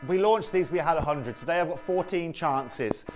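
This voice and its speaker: A man presenting a live shopping channel show, selling jewellery with energetic, pushy salesman patter. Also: a little high, moderate pace, soft background music.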